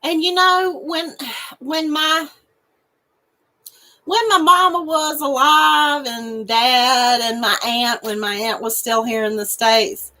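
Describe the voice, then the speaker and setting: Hosting a crochet channel, a woman reads viewer comments in a casual live chat, laughing and snorting often. She speaks slowly in a high, steady voice with a sharp tone.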